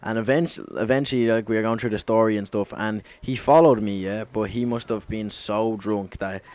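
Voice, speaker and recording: A man's voice: lowish voice, steady tone, brisk, darkish tone. Young man swearing through a rambling story. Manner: rambling, heavy swearing, self-correcting. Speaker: gaming commentator. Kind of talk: casual storytelling over gameplay.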